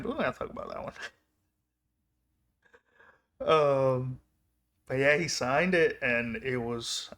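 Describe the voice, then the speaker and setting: A man's voice: mid-range voice, a bit bright. Chatty man rambling through a story. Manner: rambling, chatty, self-interrupting. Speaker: vlogger. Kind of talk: casual storytelling to camera.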